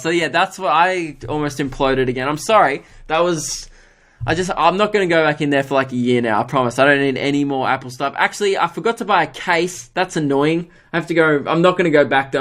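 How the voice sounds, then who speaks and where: Man telling a rambling story. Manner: animated, jumps into higher voices to mimic others; self-mocking, swears freely. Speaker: podcast host. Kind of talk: casual solo podcast storytelling.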